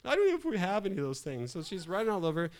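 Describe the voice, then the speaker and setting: A middle-aged pastor with a high-pitched voice races through a funny story from the pulpit. He laughs often and tells the humorous sermon story with plenty of animation.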